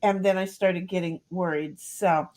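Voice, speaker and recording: A woman hosts a casual livestream from home, reading viewer comments aloud and rambling, tripping over repeated words. Her voice is fairly low, steady, and a little mellow, and she speaks a little slowly.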